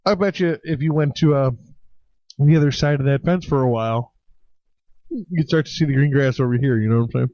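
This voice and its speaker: A man's voice: medium pitch, brisk, long pauses, mellow, no room sound. Laid-back man on a muffled podcast. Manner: laid-back, swears, keeps asking "you know what I'm saying". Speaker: podcast co-host. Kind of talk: casual chat. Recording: dull lo-fi podcast audio.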